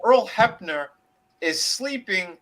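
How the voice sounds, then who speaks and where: Animated man retelling a wild story. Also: high-pitched, slow, poor audio. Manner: animated retelling with acted quotes and laughter, swearing freely. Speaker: podcast co-host. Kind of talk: casual storytelling chat.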